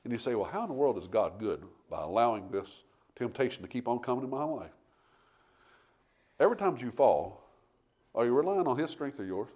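A middle-aged man preaching a sermon, telling homey stories and building to forceful emphasis. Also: mid-range voice, lively intonation, a little fast. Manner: folksy storytelling preacher, rising to forceful emphasis. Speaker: pastor.

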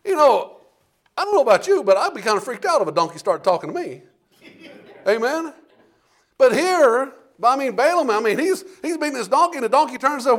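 Preacher guy telling bible stories folksy style, high voice, keeps asking amen. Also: a little fast. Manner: folksy, animated storytelling with frequent "Amen?". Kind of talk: sermon.

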